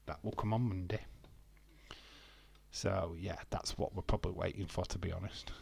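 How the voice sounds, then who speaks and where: A British wrestling streamer from the UK chats over a live stream in a low-ish, slightly bright voice with vocal fry and no echo. Chatty and quick to laugh, he jokes with viewers and sings and jokes to himself.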